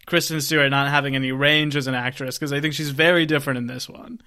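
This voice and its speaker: Wry, bright-voiced man. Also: medium pitch, fairly even intonation, fast talker. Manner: wry, joking, laughs often. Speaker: podcast co-host. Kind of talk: casual movie chat.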